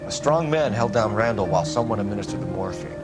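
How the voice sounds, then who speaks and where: An actor playing a terse young detective. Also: male voice, on the low side, expressive, fast talker, loud music behind the voice, close to an everyday voice. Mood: calm, clipped. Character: stern young male police detective.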